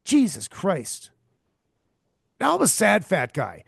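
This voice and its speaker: A man hosts a podcast and rants crudely, swearing and circling back to the same complaints over and over. His voice is gravelly and fairly high, and his pitch swings widely. It sounds dry and close. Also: wildly swooping pitch, slow pace, fairly bright tone, dry recording. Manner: profane, exasperated, repeats himself. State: tired and hungover. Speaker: podcast host. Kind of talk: crude comedic rant.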